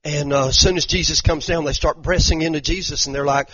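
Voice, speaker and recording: A man's voice: a little high, brisk, hardly any pauses, husky. A man preaching a sermon, retelling stories dramatically with many repeated words. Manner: animated, dramatic retelling, frequent repeated "and"s, southern "y'all". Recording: dull lo-fi sound.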